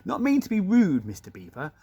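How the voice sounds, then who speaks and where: A man's voice: high voice, huge pitch swings, brisk, dark tone, slightly rough, voice pushed up, heavily acted. A man voicing a sensible, take-charge young boy while reading a storybook aloud. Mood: polite. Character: brave sensible young boy, eldest brother.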